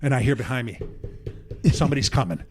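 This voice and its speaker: A middle-aged man telling an animated, profane comedy story, acting out the other people in it. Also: mid-range voice, fast talker, faint music behind. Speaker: guest comedian.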